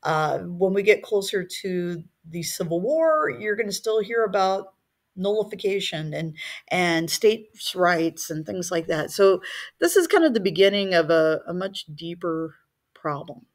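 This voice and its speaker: Chatty woman teaching, lower voice. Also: animated, measured pace. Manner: conversational, lots of fillers. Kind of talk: recorded history lecture.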